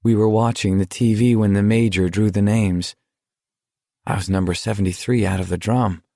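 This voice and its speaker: A man voicing an earnest teenage boy in a deadly walking contest, speaking in a confiding, rambling, quietly hurt way. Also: fairly low pitch, fairly even intonation, moderate pace, dry recording, studio quality, lightly acted.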